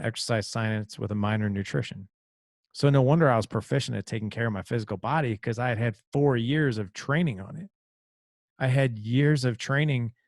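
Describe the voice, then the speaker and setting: A man in his thirties, a podcast host, telling an emotional personal story in a halting, confessional way. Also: medium pitch, a little mellow, no room sound, studio quality.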